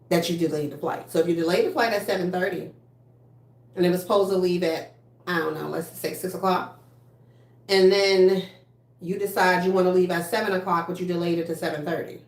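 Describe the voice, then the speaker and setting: A woman's voice: on the low side, fairly even intonation, normal speed, pauses often. Blunt, profane woman livestreaming. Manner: blunt, profane, chatty, reads viewer comments. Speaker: livestream host. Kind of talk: casual livestream chat. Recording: echoey room.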